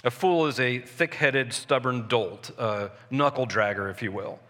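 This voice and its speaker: Male pastor, mid-pitched, sermon delivery, earnest, reverberant sanctuary. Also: bright, forceful tone. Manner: earnest preaching with pauses and restarts. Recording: long reverb of a large hall.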